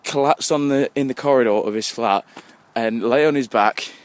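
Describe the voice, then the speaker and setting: A tipsy English vlogger in his twenties, medium-pitched and talking at a normal speed, rambles and swears nonstop into his phone as he walks home along a street at night. Faint traffic passes in the background.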